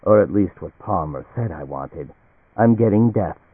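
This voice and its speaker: A man's voice: low-pitched, expressive, moderate pace, slightly rough, no room sound, exaggerated voice. A man reading a frightened, defiant male cargo pilot who turns bitterly resigned. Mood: dazed. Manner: desperate, then bitterly resigned. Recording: tinny, phone-like and dry.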